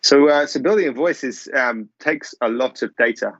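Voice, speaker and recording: Gravelly man with halting speech. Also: medium pitch, fairly bright tone, no echo, dull audio. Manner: halting, many fillers and restarts. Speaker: panelist from a broadcaster's tech team. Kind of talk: remote panel discussion.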